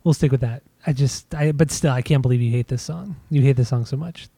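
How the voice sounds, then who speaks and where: Guy on a music podcast, keeps restarting sentences, mellow voice, dry sound. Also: medium pitch, brisk, creaky, breathy edge, dry recording. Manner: insistent, stammering restarts. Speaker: podcast co-host. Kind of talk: casual music discussion.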